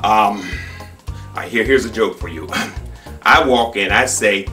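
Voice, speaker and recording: A man's voice: lowish voice, expressive, takes it slowly, pushed and bright, roomy sound, long reverb tail, far from the mic, faint music behind. A man hosting a comedy show, joking and rambling with restarts. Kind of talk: improvised comedy banter.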